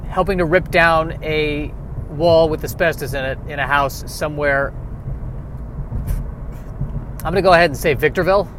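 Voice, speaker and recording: A man's voice: on the high side, steady tone, normal speed, long pauses, fairly bright tone, a little hiss or hum. Wry rambling man on a city street. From Aurora, Colorado. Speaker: comedian. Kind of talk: casual comic monologue.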